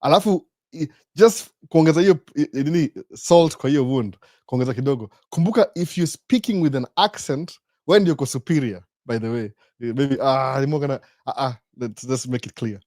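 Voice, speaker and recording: A man in his 40s hosts a live Q&A, explaining things by asking himself rhetorical questions. His mid-range voice moves fairly quickly and sounds animated as he mixes English and Swahili, recorded clean in a studio with no echo.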